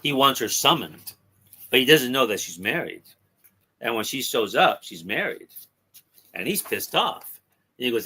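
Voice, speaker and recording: A man on a talk podcast casually retelling a comic's story, halting with ums and restarts. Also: medium pitch, very animated, bright, forceful tone, breathy edge. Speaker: podcast co-host discussing comics.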